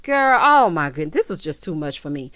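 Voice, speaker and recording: A woman's voice: low voice, big pitch swings, a little fast, a bit bright, no room sound. A woman giving a gossipy recap of a reality TV episode, sassy and dramatic, calling viewers "honey" and "child". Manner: dramatic, teasing emphasis.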